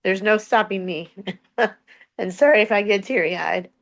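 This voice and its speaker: A woman's voice: mid-range voice, a little slow, vocal fry, fairly bright tone. A woman on a motivational panel who talks earnestly, laughs often and repeats her words for emphasis. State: just out of hospital.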